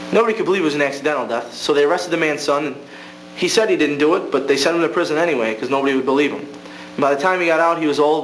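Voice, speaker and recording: A young man performing an amateur monologue as a student, telling a story in a halting, wistful way with restarts. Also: a little high, a bit bright. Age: young adult. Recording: echoey room with faint hum.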